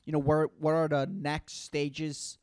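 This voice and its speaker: A man's voice: a little high, little pitch movement, unhurried, a little mellow, clean tone, dry recording. A man in his twenties hosting a solo comedy podcast, rambling and swearing constantly, peppering his talk with "dude" and "man". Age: 20s. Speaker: podcast host.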